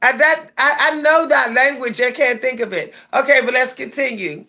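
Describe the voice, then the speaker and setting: A woman's voice: sits high, normal speed, bright, forceful tone. A woman with hosting a casual livestream, chatting and reading viewer comments aloud. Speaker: livestream host.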